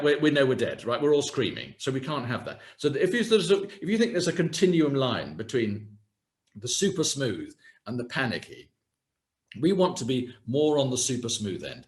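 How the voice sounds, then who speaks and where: A man giving a webinar talk as a communication coach, speaking gently and warmly, often restarting his sentences. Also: mid-range voice, fairly quick. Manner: gentle and lively, with frequent restarts. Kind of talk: webinar talk on video calls. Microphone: video call.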